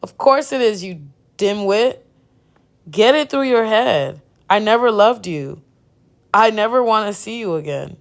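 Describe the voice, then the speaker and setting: A woman's voice: mid-range voice, animated, measured pace. A woman reading the lines of a cold married man who talks harshly and dismissively. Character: cold married man dumping his mistress.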